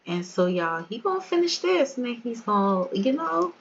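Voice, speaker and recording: A woman's voice: fairly high pitch, sing-song, normal speed, gravelly, few pauses, slightly rough, lo-fi sound. A woman giving casual, chatty gameplay commentary, often laughing and talking straight to her viewers. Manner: chatty, giggly, addresses viewers. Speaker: game video creator.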